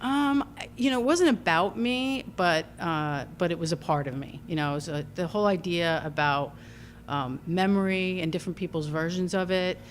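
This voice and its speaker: A woman with a Long Island accent, a filmmaker talking through her work in a casual interview, thoughtful and halting with many ums and restarts. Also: fairly low pitch, a little hiss or hum. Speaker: filmmaker guest.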